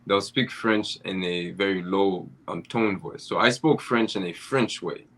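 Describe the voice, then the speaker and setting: A man's voice: deep voice, unhurried, a bit bright. A man from Haiti chatting casually on a podcast, patiently explaining things with examples.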